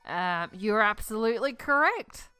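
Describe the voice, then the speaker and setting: A woman's voice: medium pitch, expressive, unhurried, pushed and bright, clear, resonant tone, no room sound, faint music behind. A woman voicing a polite elderly male caretaker who builds robots, her put-on accent drifting as she reads. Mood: formal. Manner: accent keeps shifting.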